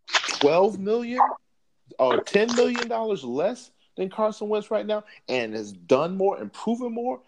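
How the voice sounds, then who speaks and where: A man co-hosting a sports podcast, arguing a point with emphatic, repeated words. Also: medium pitch. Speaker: podcast co-host. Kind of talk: sports debate.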